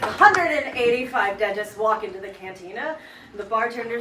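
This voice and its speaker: A woman performing live improv on a theater stage, telling jokes in an animated way. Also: fairly high pitch, moderate pace. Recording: roomy stage, far from the mic, loud noise.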